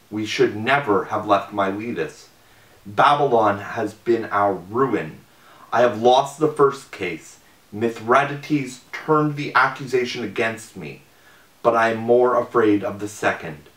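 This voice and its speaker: A man's voice: fairly low pitch, fairly bright tone. Distraught jealous husband read by a man. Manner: lamenting, pleading. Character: grieving jealous older husband, anguished. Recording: roomy, distant mic.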